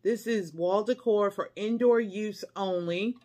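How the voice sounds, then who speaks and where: Mid-range and warm, her voice moves at a measured pace. A middle-aged haul vlogger, she chats to viewers while unboxing, gushing and squealing with delight, calling everyone y'all and honey.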